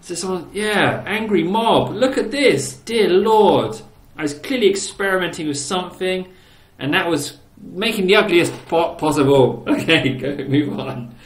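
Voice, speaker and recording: A man's voice: sits high, lively intonation, a little slow. A man hosting a casual gaming channel, giggling and teasing his old builds with playful exclamations. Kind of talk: casual gameplay commentary. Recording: roomy echo.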